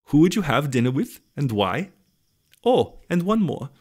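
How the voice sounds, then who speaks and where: Guy doing a cheesy fake dutch accent, loud and high, bouncy. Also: very animated, a little slow. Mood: cheery. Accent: put-on Dutch. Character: male listener read in an exaggerated Dutch accent.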